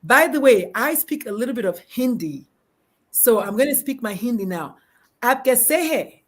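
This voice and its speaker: A middle-aged woman hosting a live-streamed casual chat from her backyard, bubbly and animated, laughing often and restarting sentences. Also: fairly high pitch, moderate pace. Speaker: talk show host. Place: backyard, outdoors.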